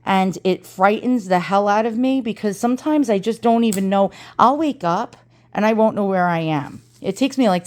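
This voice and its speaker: Swearing freely as she chats dramatically through an unboxing, an antiques reseller vlogger speaks with an East Coast American accent. Her medium-pitched voice has a darkish tone.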